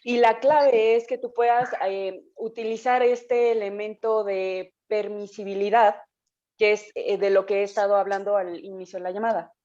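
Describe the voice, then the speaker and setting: A woman interpreting a talk live, relaxed, with hesitations and self-corrections. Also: medium pitch, fairly quick. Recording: dull lo-fi call audio.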